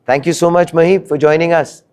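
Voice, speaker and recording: A man hosting an interview show, asking drawn-out questions full of fillers and closing the episode. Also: on the high side, fairly even intonation, darkish tone, clear, resonant tone. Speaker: show host.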